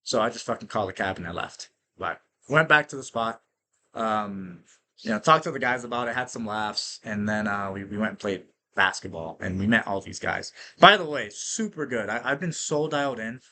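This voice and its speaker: A man hosting a podcast, telling stories in an energetic, casual monologue that is full of profanity and tag questions like "right?". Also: on the low side, moderate pace, a little hiss or hum. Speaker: podcast host.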